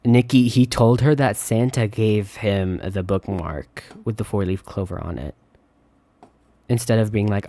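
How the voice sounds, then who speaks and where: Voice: medium pitch, unhurried. A streamer giving casual live commentary on a game at the computer, chatty and reactive, laughing and talking to chat. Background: quiet game music.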